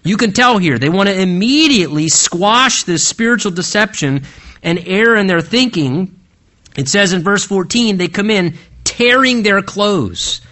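Bright-voiced man preaching a sermon. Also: lively intonation. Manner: swings between soaring emphasis and hushed low phrases; earnest and emphatic, with drawn-out slow stresses. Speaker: pastor.

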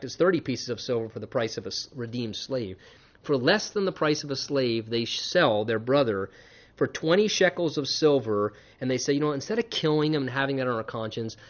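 Male pastor working through scripture verse by verse; punchy emphasis, hushed asides, slightly raised voice, muffled lo-fi capture. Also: on the high side. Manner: emphatic, varies between loud stresses and quiet asides. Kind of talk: expository sermon reading scripture with commentary. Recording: dull lo-fi sound.

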